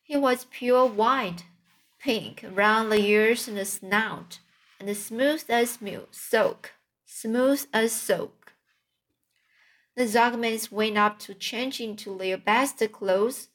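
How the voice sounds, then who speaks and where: A woman's voice: fairly high pitch, takes it slowly, a bit bright. A woman narrating a children's storybook aloud, reading carefully with occasional slips and restarts. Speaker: audiobook reader.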